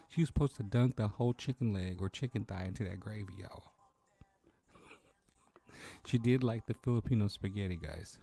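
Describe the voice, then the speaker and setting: A man hosts a casual late-night livestream from home and chats easily with his viewers, calling out their names. His voice sits a little low and sounds mellow and relaxed. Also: moderate pace, long pauses, breathy edge. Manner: laid-back, chatty, greets viewers by name. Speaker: livestream host.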